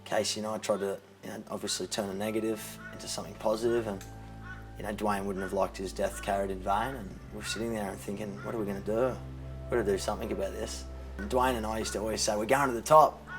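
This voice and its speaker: Young Aussie bloke, low voice, soft music. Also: male voice, level tone, rough recording. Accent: Australian. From Australia. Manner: halting, many restarts, drops to quiet when moved. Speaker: interviewee, charity co-founder. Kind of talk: personal story told in interview.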